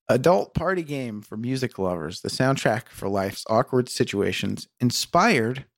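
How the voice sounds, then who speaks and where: A man's voice: mid-range voice, big pitch swings, measured pace, dry recording, studio quality. A man co-hosting a podcast in casual comedic chat, laid-back and laughing often, reading product blurbs aloud. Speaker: podcast co-host.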